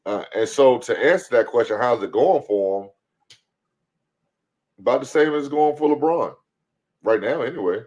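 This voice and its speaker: A man co-hosting a sports podcast, giving a calm, measured answer. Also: mid-range voice. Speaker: podcast co-host. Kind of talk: casual sports talk.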